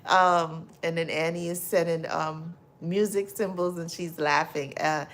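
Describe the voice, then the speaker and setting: A middle-aged woman hosts a casual livestream and reads comments to her viewers. Her voice sits a little low. She is effusive and bursts into loud laughter easily. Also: steady tone, unhurried. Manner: warm, effusive, laughs often and loudly. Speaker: livestream host.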